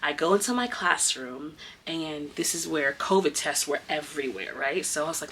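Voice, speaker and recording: A woman who teaches kindergarten tells a story in a casual, animated vlog and speaks straight to her viewers. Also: moderate pace, slight background noise. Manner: animated, emotional retelling with big swings in pitch; casual, addresses viewers as y'all.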